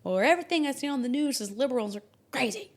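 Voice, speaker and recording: Lively woman astrologer hosting a podcast. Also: high-pitched, fast. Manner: animated, jokey, acts out imagined quotes in varied voices. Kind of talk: casual explanatory podcast talk.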